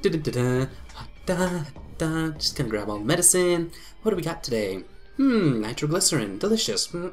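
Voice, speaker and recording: A man's voice: fairly high pitch, very animated, a little fast, soft background music, voice pushed up. A man voicing a brash, hotheaded young father in a dating game, switching between goofy singsong and snapping.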